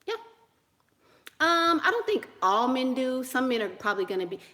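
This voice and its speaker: Speaking at normal speed in a high, very animated voice with a bright, forceful tone, this vlogger gives casual dating advice to viewers. She's blunt and dismissive, laughs frequently, repeats lines for emphasis, and keeps saying "honey" and "girl."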